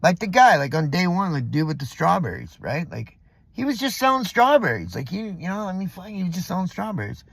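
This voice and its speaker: A man's voice: sits high, very animated, a little fast, vocal fry, no echo. A middle-aged man from Southern California, venting in a rambling, profane vlog monologue full of fillers, recorded in a parking lot. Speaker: vlogger.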